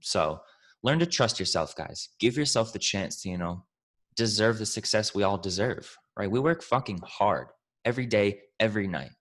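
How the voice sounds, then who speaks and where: A man's voice: lowish voice, expressive, moderate pace, a bit bright. A man answering questions as a trading mentor, talking in a pumped-up, profane, coach-like way and calling his listeners family and team. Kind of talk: casual Q&A talk.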